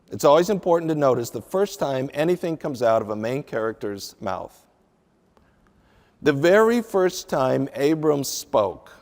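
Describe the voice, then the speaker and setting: A man teaching a sermon as a Bible teacher, slow and deliberate with emphatic pauses. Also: mid-range voice, a little mellow, big-room sound. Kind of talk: radio sermon.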